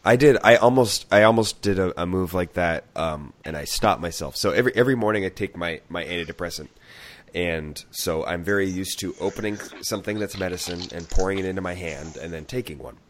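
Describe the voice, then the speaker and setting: A man co-hosting a podcast who is sick with a flu or cold, telling animated stories and laughing at himself. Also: sits low, brisk, slight background noise. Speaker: podcast co-host. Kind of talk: casual chat.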